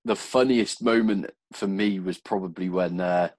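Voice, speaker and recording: A man's voice: sits low, fairly even intonation, normal speed, darkish tone, no room sound. A man hosting a podcast interview, asking questions in an easygoing, hesitant way with many fillers. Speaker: podcast host. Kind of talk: casual interview chat.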